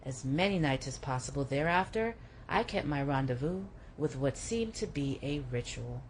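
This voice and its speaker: A woman reading a memoir aloud for a book club in a measured, steady way. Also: rumbling low, a little hiss or hum, rough recording.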